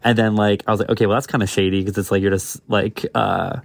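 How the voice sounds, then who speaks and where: A man's voice: lowish voice, flat delivery, fast, gravelly, no echo. A man co-hosting a podcast, talking casually with lots of fillers and laughs. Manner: rambling, filler-heavy, laughs often. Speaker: podcast co-host, drag performer. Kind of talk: casual chat.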